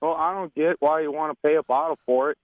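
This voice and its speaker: A man's voice: fairly high pitch, steady tone, fast talker, narrow, tinny audio. A man calling in to a radio show, talking in a folksy, rambling, jokey way. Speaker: caller. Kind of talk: phone-in chat.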